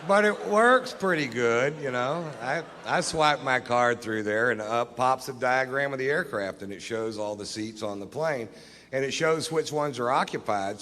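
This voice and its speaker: A middle-aged man telling a stand-up story in a deadpan, drawling, profane way. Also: medium pitch, normal speed, a little hiss or hum. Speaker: stand-up comedian. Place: comedy stage before a live audience. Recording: live hall recording with long reverb, faint ambience.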